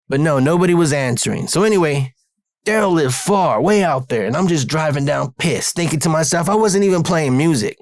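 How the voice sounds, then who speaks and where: A man's voice: a little high, dry recording, clean studio sound. Profane streetwise man telling a story. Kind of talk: casual storytelling monologue.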